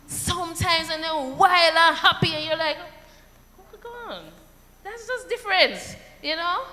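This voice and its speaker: A woman with a Jamaican accent giving an animated seminar talk to parents, with rhetorical asides and acted-out quotes. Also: sits high. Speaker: seminar speaker. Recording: long hall reverb.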